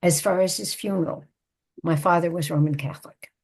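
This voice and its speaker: Older woman guest, husky lowish voice, recounting a personal story in an interview. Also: fairly even intonation, a little mellow. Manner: measured, reflective storytelling. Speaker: guest, psychotherapist and author.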